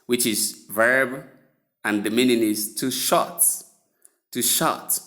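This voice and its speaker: Male pronunciation teacher, unhurried and deliberate, spells words out letter by letter, mid-pitched voice. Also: pushed and bright. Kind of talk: spoken English lesson.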